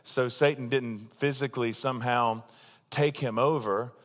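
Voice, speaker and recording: A man's voice: mid-range voice, steady tone, moderate pace, long reverb tail. A man preaching a sermon as pastor, talking in a casual, emphatic way and poking fun at himself. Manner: conversational, self-deprecating, emphatic.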